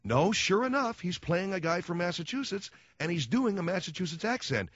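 A male radio talk host rants sarcastically through a comic monologue, his pitch swinging all over the place. The sound is dry and a bit dull, with no room around it. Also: very animated, normal speed, a bit bright, no room sound. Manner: ranting, sarcastic.

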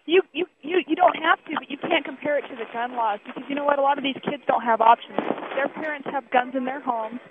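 A woman's voice: high voice, quick pace, hardly any pauses. A woman calling in to a radio show, blunt and stammering, heard over a noisy, tinny phone line. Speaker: caller. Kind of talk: call-in radio chat.

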